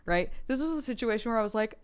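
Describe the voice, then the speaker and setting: A young adult woman streamer chatting casually with her viewers, laughing often and jumping up in pitch when she gets excited. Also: fast, smooth.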